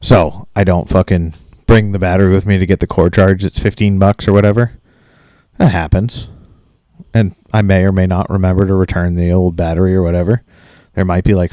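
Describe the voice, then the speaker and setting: In clean studio sound with no room noise, a deep, mellow male voice speaks briskly. He's a late-thirties podcast co-host from Maine who rants, swears nonstop, and performs both sides of a profane story.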